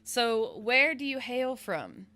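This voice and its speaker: A woman's voice: on the high side, sing-song, takes it slowly, pushed and bright. A woman from the American South hosting a casual interview, bubbly and giggly. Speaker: podcast host, interviewer.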